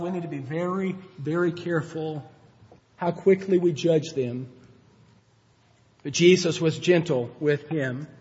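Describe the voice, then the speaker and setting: Pastor, male, high-pitched, earnest conversational sermon, long hall reverb. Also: muffled recording. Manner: earnest, conversational preaching with acted-out quotes.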